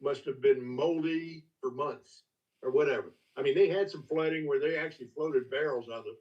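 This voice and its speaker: An older man telling stories as a master distiller guest in a casual, folksy, halting way. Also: mid-range voice. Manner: folksy, halting, with many restarts. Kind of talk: casual storytelling. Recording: distant, dull lo-fi call audio.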